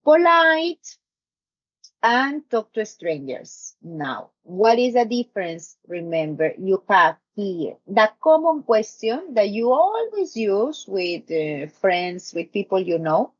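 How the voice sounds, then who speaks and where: A woman teaching English grammar on a live stream, slowly repeating example sentences and checking with "no?". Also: mid-range voice, muffled recording. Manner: explains slowly, repeats examples, asks "no?" often.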